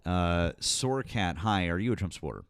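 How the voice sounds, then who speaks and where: A man's voice: low voice, animated, fairly quick, clear, resonant tone, no echo. A man hosting a live political call-in stream, talking bluntly and cursing freely. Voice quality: blunt, profane, exasperated. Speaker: host.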